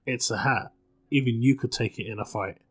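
A man's voice: mid-range voice, brisk, fairly bright tone, breathy edge. A man voicing a tired, blunt woman who runs a bar, speaking firmly and curtly. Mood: weary firm. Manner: firm, tired and curt.

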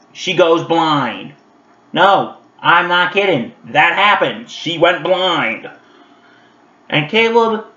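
A man reviewing an old animated holiday special in a casual vlog, chatty and animated with lots of fillers, talking straight to his viewers. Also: fairly high pitch. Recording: roomy, dull lo-fi sound.

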